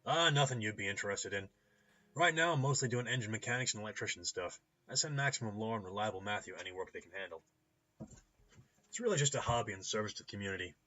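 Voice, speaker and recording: A rowdy, cheerful male cyber-doctor with a loose Midwestern drawl and a hangover, played by a man. His voice is pushed high and loud, full of jokes. The recording is a little lo-fi. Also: lively intonation, fast. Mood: boisterous. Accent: loose Midwestern American. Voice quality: shouty, boisterous, jokey. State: hungover.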